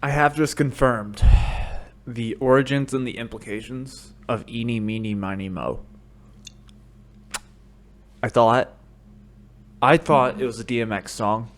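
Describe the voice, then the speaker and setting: An American man hosting a podcast, telling rambling comedic stories full of swearing that break into shouted rants, speaking into a studio microphone. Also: mid-range voice, steady tone, measured pace, pauses often. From United States. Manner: profane, rambling storytelling that bursts into shouted rants. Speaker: podcast host. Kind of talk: solo comedic monologue.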